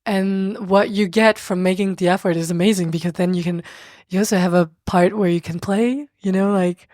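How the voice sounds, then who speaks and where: A woman's voice: mid-range voice, steady tone, normal speed, a little mellow, dry recording, clean studio sound. A young woman with a French accent, a podcast guest chatting casually and animatedly, often laughing and restarting her sentences. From France. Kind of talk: casual conversational interview.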